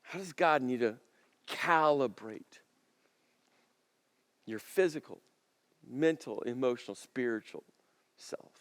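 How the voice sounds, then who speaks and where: A man preaching a sermon as pastor, talking conversationally and building to emphatic, forceful peaks. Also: mid-range voice, animated, slow, pauses often. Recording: long reverb of a large hall.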